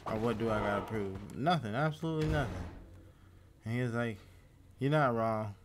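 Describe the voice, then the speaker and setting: A man's voice: lowish voice, fairly even intonation, normal speed, a little hiss or hum. A man giving laid-back, profane commentary while playing a game, telling a story between fights. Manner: laid-back, talks to himself, swears at enemies. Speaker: gaming YouTuber. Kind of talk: casual gameplay commentary.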